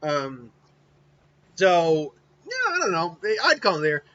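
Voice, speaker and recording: A man retells a story in a loose, rambling way, doubling back often. His voice is a little high, bright and forward. The recording is dull and lo-fi with a faint hiss behind it. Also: wildly swooping pitch, takes it slowly. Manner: rambling, many fillers and restarts. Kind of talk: casual story narration.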